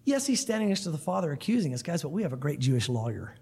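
Husky high-voiced man preaching earnestly. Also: sing-song, very fast, darkish tone. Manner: earnest, emphatic, addresses listeners as guys. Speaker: pastor. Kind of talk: sermon. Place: church room.

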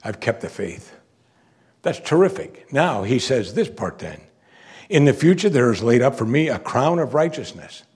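A man preaching a sermon, moving between quiet, reflective asides and loud, emphatic declarations. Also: mid-range voice, sing-song, normal speed, slightly rough. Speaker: pastor.

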